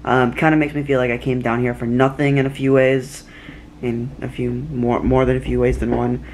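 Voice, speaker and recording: A man's voice: medium pitch, little pitch movement, normal speed, darkish tone, slight background noise. A tired young man vlogging casually at home at night, rambling with lots of fillers and restarts. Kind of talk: casual chat to camera.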